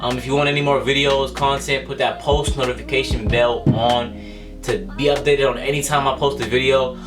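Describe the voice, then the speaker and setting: A young man vlogging, telling a personal story in a casual, animated way, repeating himself and using many fillers. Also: medium pitch, a little fast, loud music behind the voice.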